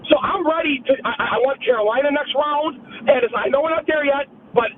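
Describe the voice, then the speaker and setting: A man in his thirties calling in to a radio show, ranting in an excited, emotional, rapid-fire way. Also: very high-pitched. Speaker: caller. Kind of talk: impassioned call-in rant. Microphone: phone. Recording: tinny phone line with faint hiss.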